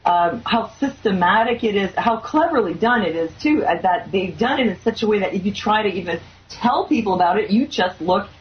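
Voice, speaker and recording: A woman's voice: mid-range voice, lively intonation, brisk, few pauses. Woman host telling a story, lots of um and like, bit muffled. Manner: earnest, recounting with many fillers. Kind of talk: talk show monologue. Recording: slightly dull lo-fi sound.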